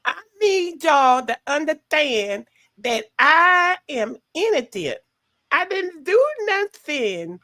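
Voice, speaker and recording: A woman's voice: sits high, big pitch swings, slow pace, bright, forceful tone, pitched above the performer's own voice, exaggerated voice. A woman putting on a brash, profane older woman who plays innocent and curses a lot. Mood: mock-innocent. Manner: drawling, cursing, mock-innocent.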